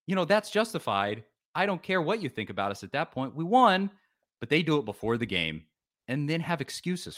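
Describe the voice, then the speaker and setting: Animated, bright-voiced male podcast ranter. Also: on the high side, moderate pace. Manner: animated, ranting, mocks rival fans in whiny voices. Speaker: podcast co-host. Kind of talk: sports podcast banter.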